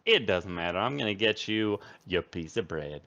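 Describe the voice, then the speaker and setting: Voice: low-pitched, lively intonation, moderate pace, fairly bright tone, dull audio. A man voicing a rambunctious short human barmaid woman who gushes and swears cheerfully. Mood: gushing. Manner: gushing, flirty, swearing.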